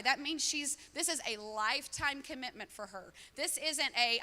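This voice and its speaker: Woman pastor, high bright voice, chatty sermon in a reverberant church. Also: normal speed, hardly any pauses. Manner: conversational preaching with quoted dialogue. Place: church auditorium. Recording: long hall reverb.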